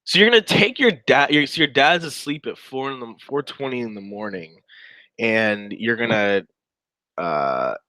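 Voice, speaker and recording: A man's voice: medium pitch, lively intonation, normal speed, sharp tone, no room sound, low-quality recording. A man giving casual, sarcastic commentary while reading through a chat log aloud, with wry asides.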